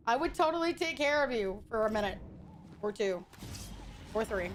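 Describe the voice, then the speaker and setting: A woman streamer with a fairly high voice talks casually while she plays a game. She ribs her viewers with crude, teasing banter and laughs a lot. There is a faint hiss of noise behind her. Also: expressive, moderate pace, pauses often. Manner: frequent laughter.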